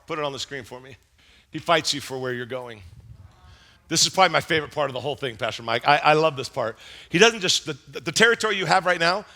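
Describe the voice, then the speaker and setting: A man's voice: on the high side, gravelly. A middle-aged man preaching a sermon, telling stories animatedly and acting out scenes. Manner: animated, acts out scenes and voices. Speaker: pastor. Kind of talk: sermon with storytelling.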